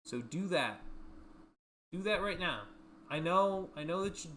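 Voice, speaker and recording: A young man hosting his own livestream show, rambling and excitable, repeating himself as he rants. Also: high-pitched, measured pace, a little hiss or hum. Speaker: show host. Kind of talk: casual solo livestream rant.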